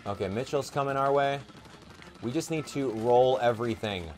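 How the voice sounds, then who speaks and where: A young man giving casual gameplay commentary, chatty and excitable, thinking aloud with plenty of fillers. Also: medium pitch, normal speed, noisy background. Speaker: gaming YouTuber.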